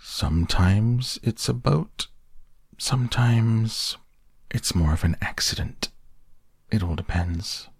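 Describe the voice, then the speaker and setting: A man's voice: lowish voice, slow pace, creaky, breathy edge, no room sound, studio quality, pitched above the performer's own voice, exaggerated voice. A man doing Pooh, a growly proud bear. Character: simple proud little bear, gentle.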